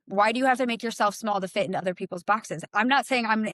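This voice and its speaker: A woman co-hosting a podcast in casual chat, emphatic and animated, jumping up in pitch when she quotes people. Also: quick pace, no echo. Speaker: podcast co-host.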